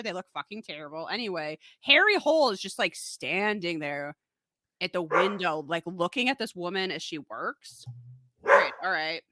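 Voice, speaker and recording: A woman's voice: mid-range voice, sharp tone, no room sound. A woman co-hosting a podcast, recapping a movie in a casual, sarcastic way and swearing freely. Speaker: podcast co-host. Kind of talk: casual comedic film recap.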